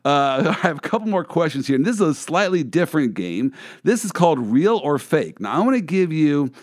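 A man's voice: on the high side, sing-song, brisk. A man hosting a podcast, chatting casually and playfully with his guest and laughing often. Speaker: podcast host, lawyer. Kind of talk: casual interview chat.

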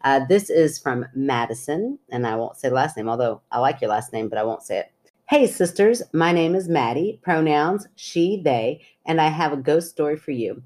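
A woman's voice: low voice, animated, normal speed, darkish tone. A woman co-hosting a podcast, chatting with her sister, giggling, and reading a listener's ghost story aloud with asides. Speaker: podcast co-host.

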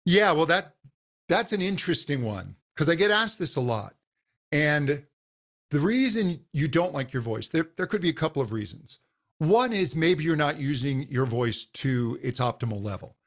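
Male voice coach guest, patient and explanatory, fairly high pitch. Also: very animated, moderate pace, fairly bright tone. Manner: patient, explanatory, demonstrates vocal exercises. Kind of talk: podcast interview, explaining and demonstrating.

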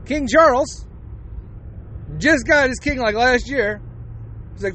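Profane high-voiced ranting man. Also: slow, pushed and bright. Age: 40s. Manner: profane, blunt, heated. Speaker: podcast host. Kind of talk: opinionated podcast rant.

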